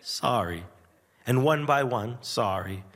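Wry storytelling man in long reverb. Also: mid-range voice. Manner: wry, animated delivery with chuckles and dramatic pauses. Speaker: radio show host and storyteller. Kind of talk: nostalgic first-person storytelling.

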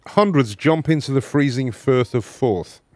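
A man's voice: mid-range voice, measured pace, a little mellow, no echo. A man hosting a casual show, amused as he reads out odd news stories. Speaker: host reading news stories. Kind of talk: casual radio banter.

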